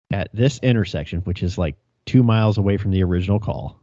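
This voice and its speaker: Low-voiced profane cop telling stories. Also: male voice, expressive, quick pace, mellow, no room sound. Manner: profane, laughing storyteller acting out radio calls. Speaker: podcast co-host, police officer. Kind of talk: casual storytelling chat. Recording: dry, dull lo-fi sound.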